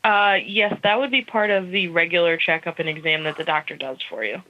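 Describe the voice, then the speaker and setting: A woman's voice: on the low side, fairly quick, muffled recording. A woman answering the phone as a dental office receptionist, polite and matter-of-fact. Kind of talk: recorded phone call.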